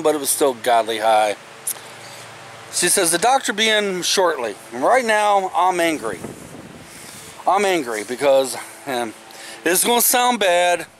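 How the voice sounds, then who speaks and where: Middle-aged male vlogger, emphatic and casual, a bit high-pitched, faint background hiss. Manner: animated, emphatic, swears casually. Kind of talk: casual storytelling to camera.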